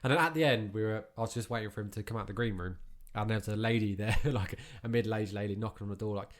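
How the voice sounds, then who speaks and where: A man's voice: fairly low pitch, fast talker. A man from England co-hosting a podcast, chatting casually and acting out people he quotes. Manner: chatty storyteller, acts out quotes. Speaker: podcast co-host. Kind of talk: casual chat.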